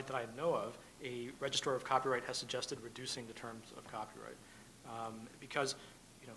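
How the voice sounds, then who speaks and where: A man speaks on a conference panel, his voice bright and forward. He talks in halting runs, full of fillers and restarts. Faint room noise sits behind him. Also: mid-range voice, poor audio. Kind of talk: panel discussion.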